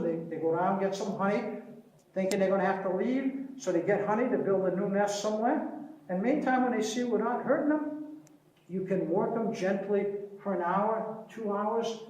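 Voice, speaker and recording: A man giving an informal beekeeping talk in a library, telling stories in a folksy way. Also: sits high. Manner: folksy storyteller, slows down and softens for anecdotes. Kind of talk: informal public presentation. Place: library meeting room. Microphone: distant room mic. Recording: echoey room from far off.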